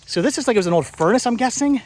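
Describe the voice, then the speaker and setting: A woman's voice: on the high side, lively intonation, very fast, darkish tone. A woman travel vlogger narrating casually as she walks, rambling and enthusiastic, often repeating her words. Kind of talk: casual walking vlog narration.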